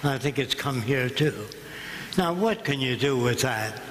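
A man's voice: mid-range voice, animated, a little slow. An older man giving a public lecture in a blunt, combative and sarcastic way. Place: lecture hall. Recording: echoey hall, room noise.

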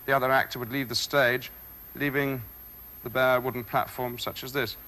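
Forceful, measured male stage actor. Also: mid-range voice, little pitch movement. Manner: measured, reflective, with thoughtful pauses. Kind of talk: talk on performing Shakespeare.

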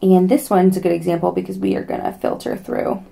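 A woman's voice: lowish voice, wildly swooping pitch, fairly quick, vocal fry, mellow. A young adult woman hosting a casual how-to video, chatty and joking as she walks through a gadget step by step. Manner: chatty, joking pleas to subscribe. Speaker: product demo host. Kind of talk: casual tutorial demo.

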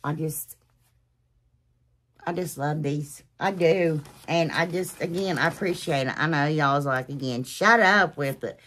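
Deep-voiced and unhurried, a woman hosts a DIY channel, gushing and rambling emotionally as she chats casually with viewers, occasionally lowering to a soft whisper.

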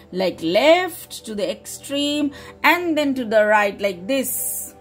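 A woman teacher from India reading a story aloud to children, stopping to explain words as she goes. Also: on the high side.

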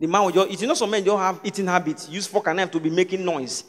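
A man with a Nigerian accent doing lively stand-up comedy on a live stage, acting out characters. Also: high voice, quick pace. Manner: animated, acts out characters. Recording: stage mic in a reverberant hall.

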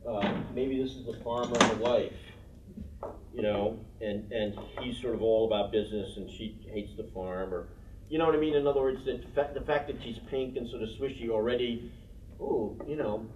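A man's voice: mid-range voice, a little mellow, slight background noise. A man leading a puppetry workshop, talking loosely and with some profanity, often asking if the group follows him. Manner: loose, profane, keeps asking "you know what I mean?". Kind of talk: teaching talk with demonstrations. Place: workshop room. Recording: distant, roomy, dull workshop recording.

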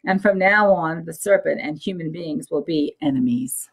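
A woman voicing the north wind, telling its tale gravely. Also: deep voice, steady tone, normal speed, poor audio. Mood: solemn. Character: solemn, storytelling north wind.

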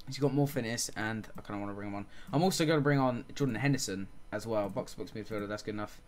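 A man's voice: fairly low pitch, fast talker. A man giving casual let's-play commentary on a football management game, calling the action play by play and muttering frustrated asides. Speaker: gaming channel host.

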